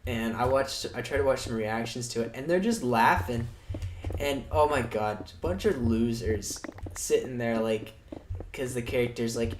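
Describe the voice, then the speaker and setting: A man's voice: mid-range voice, normal speed. A man chatting casually on a livestream, rambling and swearing in a sardonic way. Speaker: streamer. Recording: echoey room, noisy background.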